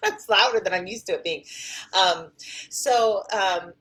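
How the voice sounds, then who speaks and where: A woman's voice: mid-range voice, slow, a bit bright. A middle-aged woman, a therapist and wellness coach, talking casually to camera in a chatty, rambling way with many fillers and restarts.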